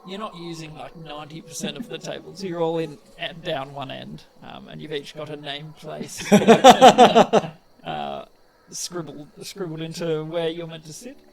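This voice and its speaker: A man's voice: a little high, a little slow, creaky. A man narrating as game master, hesitant with lots of fillers.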